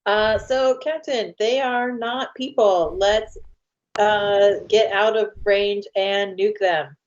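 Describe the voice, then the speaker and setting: A woman playing a tabletop game, speaking in a deliberate, deadpan way. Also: mid-range voice. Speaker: player. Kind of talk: casual chat. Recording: dull lo-fi line with faint noise.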